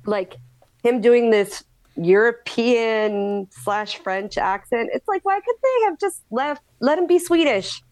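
A woman's voice: fairly high pitch, animated, slow, a little mellow, no echo. A woman co-hosting a podcast in casual chat, chatty and rambling with restarts. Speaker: podcast co-host.

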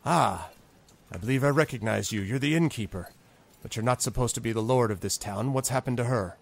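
A man's voice: mid-range voice, a little fast, close to an everyday voice. A man doing a guarded mysterious elf.

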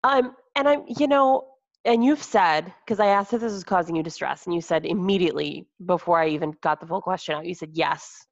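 A woman asks gentle, curious questions in a casual podcast chat. Her voice sits a bit low for a woman. The sound is slightly dull and lo-fi. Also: a little fast, vocal fry.

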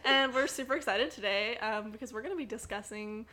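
A woman's voice: a little high, fairly quick, pushed and bright. A young woman co-hosting a podcast in casual chat, bubbly and laughing often, with lots of fillers. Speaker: podcast co-host.

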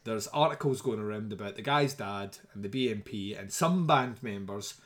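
A man's voice: fairly low pitch, moderate pace. A middle-aged man, telling a story in casual podcast talk, swearing often and laughing as he goes. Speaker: podcast host.

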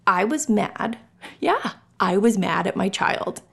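A woman's voice: mid-range voice, slow pace, creaky, breathy edge. A middle-aged woman hosting a personal podcast, talking candidly and emotionally, swearing freely and acting out scenes. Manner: animated, acts out scenes in whispers and voices. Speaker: podcast host.

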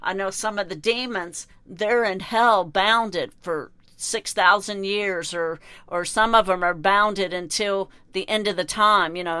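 A woman's voice: mid-range voice, sharp tone, smooth, no room sound. A woman delivering an impassioned monologue in a preachy, condemning, repetitive way.

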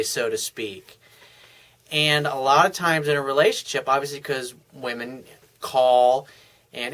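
A man's voice: on the high side, fairly bright tone. A man giving frank, blunt relationship advice in a casual, coaching monologue.

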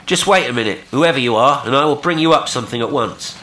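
A man voicing a blunt, kindly fisherman who speaks in a gruff, brisk way. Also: sits low, lively intonation, fairly bright tone, slight background noise, rough recording. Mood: eager.

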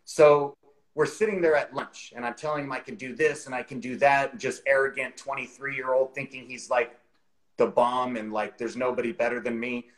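A man's voice: medium pitch, level tone, normal speed, rough recording. A man in his forties, the guest, telling a career story in a chatty way over a video call, with lots of "you know" fillers.

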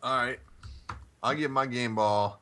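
A man with a bright, forward voice talks football casually on a podcast. He is easygoing and playful. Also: medium pitch, steady tone, measured pace. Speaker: podcast co-host. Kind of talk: casual sports chat.

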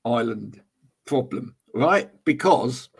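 A man hosting a casual podcast chat, animated and laughing as he acts out what other people say. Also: medium pitch, slow pace, creaky, husky. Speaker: podcast host.

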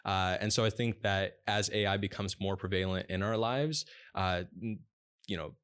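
A man with a notably deep, low voice talks through ideas in long explanatory stretches. He is a dog training business owner being interviewed, and he fills his pauses with a relaxed "uh" as he goes. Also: clean tone. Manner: fluent, explanatory, with frequent "uh" pauses.

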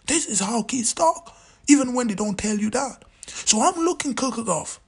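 A man in his late thirties talks through his opinions as a show host, his pitch leaping around in a lively, emphatic way. His voice is very breathy and airy, and he repeats himself for emphasis, sometimes sinking to an almost whispered aside. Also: moderate pace. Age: 30s. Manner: animated, emphatic, repeats points, drops to near-whispers. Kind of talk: opinionated commentary monologue.

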